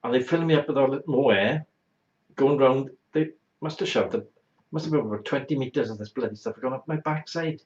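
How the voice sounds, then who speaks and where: A man's voice: mid-range voice, a little fast, darkish tone. A man hosting a talk show, telling a blunt, exaggerated, bawdy comic anecdote. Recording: roomy, dull lo-fi sound.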